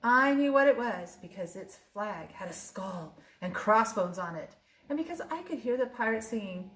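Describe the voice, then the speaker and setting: An older woman, a grandmother, reading a children's picture book aloud in a lively, expressive way with small slips. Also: medium pitch, moderate pace. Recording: roomy echo.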